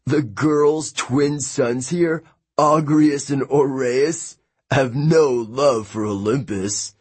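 A man reading an audiobook voices a smooth, mocking young male villain. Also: medium pitch, slow, a little mellow, dry recording, voice pushed up.

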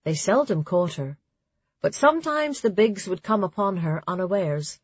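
Husky-voiced woman reading an audiobook. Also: on the low side, very animated, moderate pace, dry recording. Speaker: audiobook narrator. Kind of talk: scripted audiobook narration. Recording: dry, slightly dull audio.

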